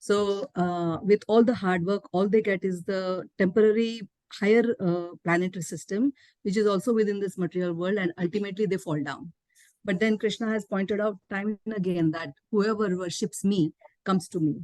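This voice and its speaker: Woman student giving a measured lesson recap, dry close sound. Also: medium pitch, steady tone, darkish tone, no echo. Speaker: class participant.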